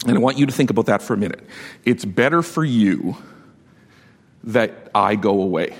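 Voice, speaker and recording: A man preaching a sermon, telling a story with lively swings between loud and hushed delivery and frequent laughter. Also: on the low side, moderate pace, breathy edge, long reverb tail. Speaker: pastor.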